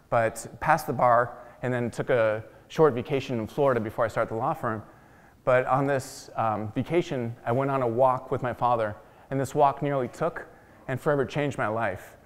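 A man's voice: mid-range voice, moderate pace. A man giving a talk to an audience, telling his story with self-deprecating jokes. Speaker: guest speaker. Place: large meeting hall. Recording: long hall reverb.

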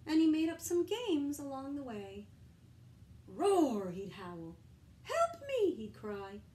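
A woman teacher reading a picture book aloud to young children, gently pausing to ask them questions. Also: high voice, rough recording. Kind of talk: storybook read-aloud for children.

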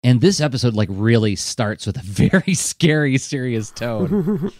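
A man hosts a podcast in loose, casual chat, his pitch swooping up and down as he talks. He laughs often and fills his speech with fillers. The sound is dry and close to the mic. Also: animated, a little slow, darkish tone, no echo. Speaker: podcast host.

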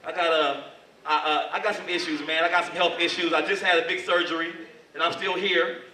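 A male stand-up comedian hosting a live club show, telling stories in an animated way. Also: on the high side, fairly quick. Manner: animated storytelling. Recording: echoey club, distant mic.

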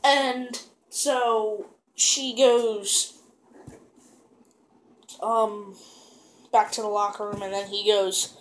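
A woman casually recapping a wrestling show, rambling with lots of fillers and restarts and getting excited as she goes. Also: mid-range voice, takes it slowly, pauses often.

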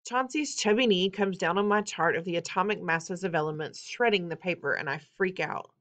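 A woman reading a novel aloud in an expressive, wry first-person storytelling manner. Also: on the low side, brisk. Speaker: audiobook reader.

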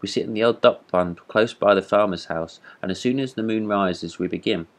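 A man's voice: fairly low pitch, fairly quick, close to an everyday voice. A man doing a chatty, boastful storybook frog. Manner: talkative, cheerful, boastful. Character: chatty self-satisfied male frog.

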